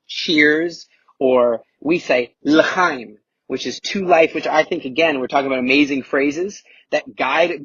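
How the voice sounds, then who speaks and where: Man, podcast guest, emphatic, repeats key words, husky, lo-fi remote line. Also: fairly high pitch, fairly bright tone, no room sound. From United States. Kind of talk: casual interview talk.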